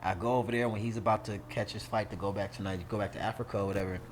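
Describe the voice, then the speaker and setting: A man's voice: on the low side, racing, a little hiss or hum. A man telling a story in casual podcast chat, slangy and swearing freely, acting out the lines he quotes. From St. Louis, United States. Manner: animated storyteller, acts out quoted lines loudly. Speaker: podcast guest.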